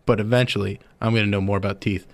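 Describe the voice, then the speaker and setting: A man co-hosting a live radio show, chatting casually in the studio with a dry, deadpan sense of humour. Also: on the low side, fast.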